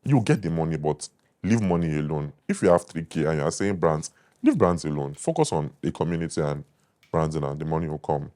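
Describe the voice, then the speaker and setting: Very deep-voiced confident Nigerian man. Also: lively intonation, fairly quick, a little mellow. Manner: confident, boastful, emphatic. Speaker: food critic guest. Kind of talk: casual interview talk.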